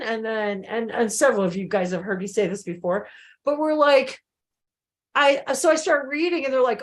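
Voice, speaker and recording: A woman with a slightly high voice tells her stories with animated emphasis. She keeps turning to her viewers as she talks over a video call. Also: moderate pace. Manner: animated, emphatic storytelling, addresses viewers directly. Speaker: channeling host. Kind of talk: live video-call chat.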